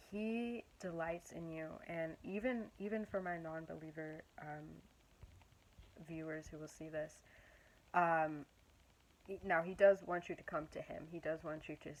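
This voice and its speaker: A woman's voice: sits low, rough recording. A young woman talking casually and earnestly about her faith, rambling and searching for words with many fillers. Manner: earnest and encouraging. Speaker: Christian vlogger. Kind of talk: casual faith talk to camera.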